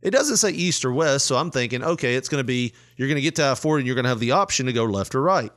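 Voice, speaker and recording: A man's voice: mid-range voice, lively intonation, fast talker, fairly bright tone. A middle-aged man hosting a casual chat, telling a long story with frequent laughter and quoted lines. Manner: laughing often, retelling with quoted voices.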